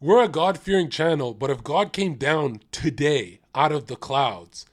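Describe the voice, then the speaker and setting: A young man gives livestream reaction commentary, his voice sitting a little high and swinging widely in pitch. He jokes constantly, swears freely and leaps into loud mimicking bursts. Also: animated, a little slow, dry recording, studio quality. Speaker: streamer.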